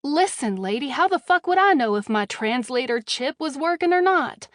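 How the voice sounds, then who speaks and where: A woman's voice: fairly high pitch, expressive, moderate pace, dry recording, clean studio sound. A woman voicing a brash, sarcastic young woman who swears freely, as audiobook dialogue. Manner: sarcastic, foul-mouthed.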